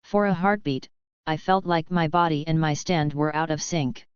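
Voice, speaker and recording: A woman narrating a first-person story as an audiobook reader, in a slow, even reading. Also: low voice, clean tone, no echo, muffled recording.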